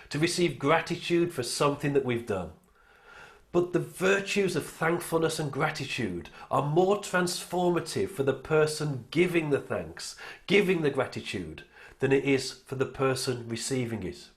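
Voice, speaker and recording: A man with a British accent giving an online sermon as pastor, in an earnest, emphatic manner. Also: medium pitch.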